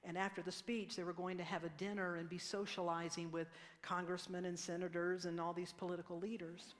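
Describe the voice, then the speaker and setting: A woman's voice: lowish voice, level tone, brisk, big-room sound. A woman minister giving a conversational sermon, leading the congregation in responses and laughing at herself. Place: church sanctuary.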